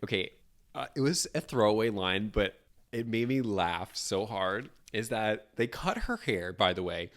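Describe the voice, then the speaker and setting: Lively podcast cohost, big swoopy pitch, laughs a lot, trails off mid-sentence. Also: a little slow. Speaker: podcast co-host. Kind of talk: casual chat.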